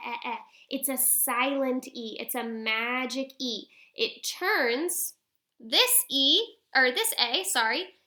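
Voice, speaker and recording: A woman teaching a phonics lesson to young children on video, sounding out letters slowly and asking coaxing questions. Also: sits high, sharp tone. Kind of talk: early-grade phonics lesson to camera.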